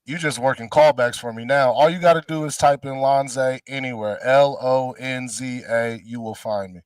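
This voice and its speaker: A man's voice: medium pitch, steady tone, moderate pace, clear, resonant tone, no echo, distant mic. Slangy man riffing, slightly off-mic. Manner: loose, laughing, slangy. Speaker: comedian guest. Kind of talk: casual comic riffing.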